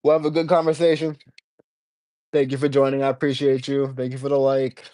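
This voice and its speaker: A man's voice: medium pitch, flat delivery, fairly quick, mellow, dry recording. A man hosting a casual livestream, rambling in stops and restarts as he talks to his viewers. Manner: rambling, stop-start, reading out chat comments. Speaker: livestream host.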